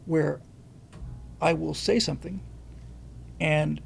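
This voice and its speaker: A man's voice: a little high, steady tone, slow, vocal fry, soft background music. A man hosting a show, talking through a casual commentary monologue and telling a story in a rambling way, often restarting and repeating words. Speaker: show host.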